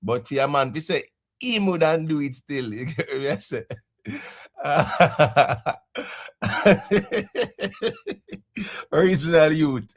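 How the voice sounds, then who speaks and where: A young adult Jamaican man hosting a casual live stream, laughing often and giving shout-outs to viewers in patois. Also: on the high side, lively intonation, extremely slow, long pauses.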